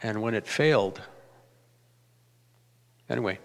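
A pastor in his fifties telling a personal testimony in a halting, reflective way, often restarting his sentences. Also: lowish voice, gravelly. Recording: reverberant hall.

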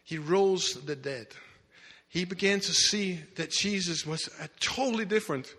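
Preacher guy telling a story from the pulpit, kinda high bright voice, lots of hall echo. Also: measured pace. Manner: emphatic, dramatic storyteller with restarts. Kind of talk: sermon storytelling. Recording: echoey hall reverb.

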